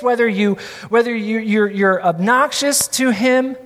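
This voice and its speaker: A man's voice: very high-pitched, measured pace, hardly any pauses, fairly bright tone, big-room sound. A man preaching a sermon as a pastor, conversational and repeating key lines for emphasis.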